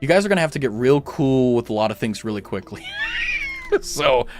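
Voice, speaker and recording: A man's voice: medium pitch, big pitch swings, a little fast, music in the background. A young man streaming a game, chatting casually with viewers and rambling through self-mocking jokes. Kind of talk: casual chat while gaming.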